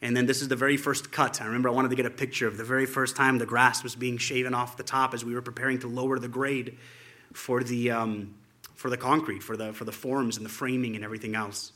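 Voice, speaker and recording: A man with a forceful, bright tone gives an informal spoken tribute to friends. He tells loose, wandering stories over a slideshow and chuckles often as he goes. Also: medium pitch, little pitch movement, quick pace. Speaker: church friend presenting a photo slideshow.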